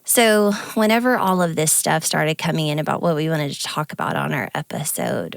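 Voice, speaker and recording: A woman with grown kids talks on a podcast, near tears. Her voice is low and gravelly, her manner earnest and halting. The sound is dry and close. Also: animated, no echo. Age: adult with grown kids. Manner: earnest, emotional, halting confessional. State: tearful, near crying. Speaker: podcast co-host. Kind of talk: candid conversational podcast talk.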